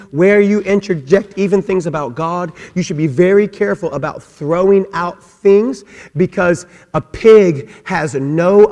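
A man preaching a sermon as a pastor, animated and humorous, acting out little voices to make his point. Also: high voice. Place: church sanctuary. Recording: long hall reverb.

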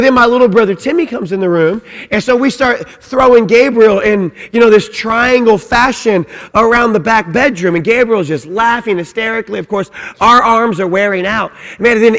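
A man's voice: very high voice, normal speed, hardly any pauses, a bit bright. A middle-aged man preaching a sermon, emphatic and repetitive, often saying "man". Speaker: pastor. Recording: long reverb of a large hall.

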